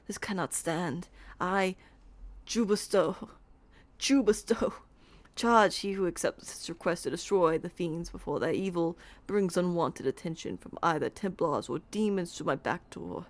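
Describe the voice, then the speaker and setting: A woman's voice: fairly low pitch, measured pace. A woman voicing a pompous male mage who speaks in stilted, grandiose formal language.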